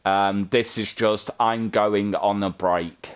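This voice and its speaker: Man, low voice, slow unhurried delivery, earnest, rambling vlog talk. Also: steady tone, clear, resonant tone. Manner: earnest, rambling, repeats himself. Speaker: content creator. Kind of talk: heartfelt vlog monologue.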